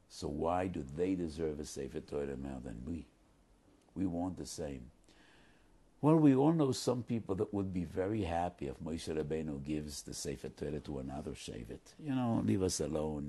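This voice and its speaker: A man's voice: rumbling low, expressive, measured pace, gravelly, dark tone, slightly rough. A man teaching the weekly Torah portion as a rabbi, speaking earnestly and emphatically and weaving Hebrew quotes into English. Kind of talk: Torah lesson sermon.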